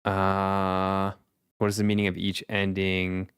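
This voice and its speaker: A man's voice: low voice, monotone, slow, fairly bright tone, clear, resonant tone, no room sound, studio quality. A male streamer chatting casually and thinking aloud, rambling with fillers. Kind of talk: casual chat.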